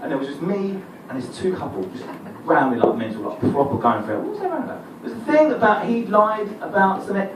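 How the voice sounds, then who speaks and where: A man's voice: sits high, big pitch swings, fast, hardly any pauses. A young man with an Essex accent doing a rambling, self-deprecating stand-up set, swearing freely. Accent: Essex English. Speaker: stand-up comedian. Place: comedy club stage. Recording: roomy live club recording, distant, crowd noise. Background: audience laughter and room noise.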